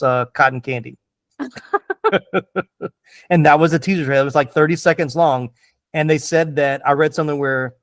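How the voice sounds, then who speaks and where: A man's voice: on the high side, no echo, studio quality. Chatty man hosting a movie podcast. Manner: enthusiastic, chatty, many fillers. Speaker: podcast host. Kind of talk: casual movie podcast chat.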